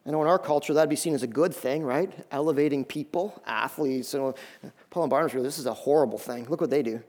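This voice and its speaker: A male pastor delivers a sermon in an animated, high-pitched voice. He often doubles up his words as he pushes a point home. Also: fast talker. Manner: animated, repeats words when building emphasis.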